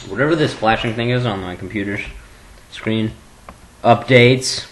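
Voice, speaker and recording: A man rambling goofily in a webcam vlog at home at his computer, jumping between low mumbling and sudden squeals. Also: normal speed, slight background noise, low-quality recording. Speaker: vlogger.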